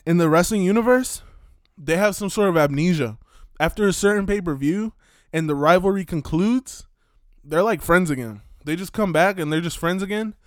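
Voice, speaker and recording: A man with a slightly higher voice recounts wrestling history in a casual, animated way. He laughs often and mixes in Spanish words. The sound is dry and close. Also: clear, resonant tone, no room sound. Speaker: wrestling fan commentator. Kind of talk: casual storytelling.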